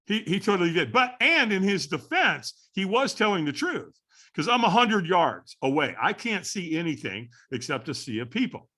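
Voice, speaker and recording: Lively, animated middle-aged man telling a story. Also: sits high, normal speed. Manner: animated storyteller who repeats phrases for effect. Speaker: podcast guest, firewalking instructor. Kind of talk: storytelling in a podcast interview.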